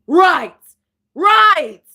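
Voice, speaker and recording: A woman giving an off-the-cuff spiritual monologue, ranting with profanity and slang, restarting phrases and breaking into louder emphatic bursts. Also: extremely high pitch, sing-song, very slow. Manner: profane, emphatic rant with sudden louder outbursts. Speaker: spiritual commentator.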